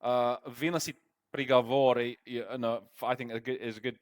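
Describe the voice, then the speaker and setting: An interpreting tutor hosts a lesson, walking through a text in a casual teaching breakdown. His medium-pitched voice is flat and a little fast, and he's chatty, packed with fillers and restarts.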